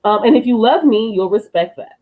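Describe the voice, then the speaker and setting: A middle-aged woman talking casually and bluntly as a podcast co-host, an animated storyteller who swears freely. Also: on the high side, fairly quick, narrow, tinny audio. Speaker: co-host, youth worker.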